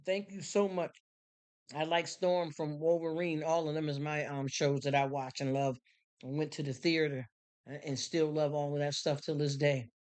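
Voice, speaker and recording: A woman's voice: sits low, fairly even intonation, moderate pace, a little mellow. A woman hosting a casual livestream, reading viewer comments with effusive, slangy talk and frequent laughter. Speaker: livestream host.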